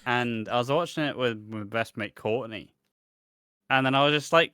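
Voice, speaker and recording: A man's voice: mid-range voice, normal speed, sharp tone, clear, resonant tone, no room sound, studio quality. A man co-hosting a casual podcast, blunt and teasing, swearing often. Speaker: podcast co-host.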